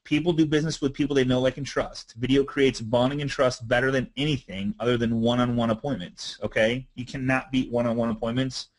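A man talks through a marketing webinar for a live audience. He is loose, chatty and energetic. His voice sits at a middle pitch. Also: a little fast, few pauses, low-quality recording. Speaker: webinar presenter. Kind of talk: casual instructional webinar talk.

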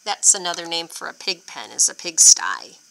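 A woman reading a picture book aloud to children, expressive and stopping to ask them questions. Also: fairly low pitch, normal speed, creaky, a little hiss or hum, low-quality recording. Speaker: storyteller for children.

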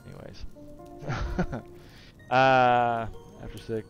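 A man's voice: mid-range voice, flat delivery, extremely slow, gravelly, dull audio, faint music behind. A man streaming a retro game live, chatting with viewers, joking and muttering his moves under his breath. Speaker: gaming streamer. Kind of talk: live gameplay commentary.

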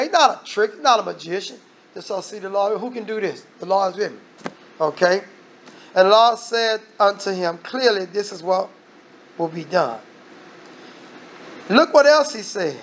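A man with a fairly high voice preaches a sermon. He hammers points home with repetition, reads scripture aloud, and breaks off with pointed asides. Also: expressive, moderate pace, long pauses, a bit bright.

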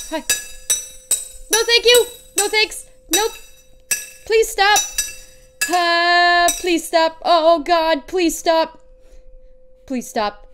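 A young woman playing a horror game on her channel, panicking, shrieking and laughing nervously as she talks. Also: extremely high pitch. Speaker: let's play gamer.

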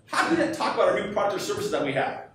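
Man, keynote speaker, high voice, animated pitch swings, echoey hall, distant from the mic, faint hum. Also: rapid-fire. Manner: energetic, quizzes the audience with questions. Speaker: professional speaker. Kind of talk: live business keynote talk. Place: event hall with audience.

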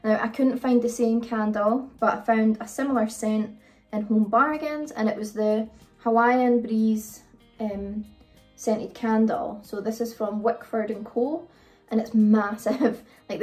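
A woman's voice: on the high side, steady tone, measured pace, mellow. A British woman chatting casually through a haul video, rambling with frequent ums. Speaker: vlogger. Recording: voice a bit far from the mic, faint music.

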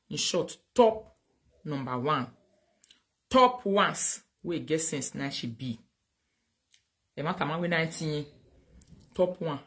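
Animated Nigerian Pidgin woman livestreamer. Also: low-pitched. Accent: Nigerian Pidgin English. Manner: animated, switches into Pidgin, thanks viewers loudly. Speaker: livestream host. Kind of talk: casual livestream commentary.

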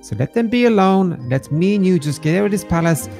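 A man's voice: sits high, expressive, brisk, darkish tone, soft background music. A man voicing a young husband who protects his family, talking urgently and commanding by turns, in a Minecraft role-play. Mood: coaxing.

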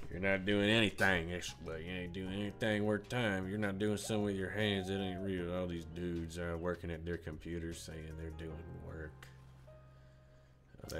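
A man voicing a gruff country fisherman with a put-on American country accent, drawling folksy talk on a live stream. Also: low voice. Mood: grumbling. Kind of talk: live stream role-play.

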